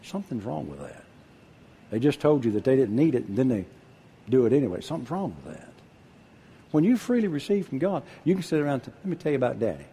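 Older preacher guy, husky, voice jumps all over, hushed then loud. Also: mid-range voice, very fast. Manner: animated preaching, drops to a hush then shouts out. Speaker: pastor. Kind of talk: sermon.

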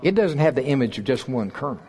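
An older man from Oklahoma delivers a sermon in a folksy, joking manner and climbs to emphatic peaks. His voice is a little husky and sits at a middle pitch. It rings out with the long reverb of a large hall. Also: sing-song, quick pace, dark tone. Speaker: preacher.

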